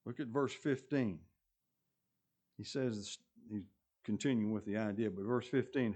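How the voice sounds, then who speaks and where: A man preaching a sermon, stressing points loudly, then dropping to quiet asides, and often repeating his phrases. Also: on the low side, unhurried, long pauses.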